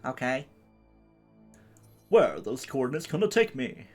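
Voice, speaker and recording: A man's voice: mid-range voice, very animated, normal speed, pauses often, soft background music. A man streaming a game live, rambling playfully with jokey asides and reading in-game text aloud, a little far from his mic. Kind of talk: live let's-play commentary. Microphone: a bit far from the mic.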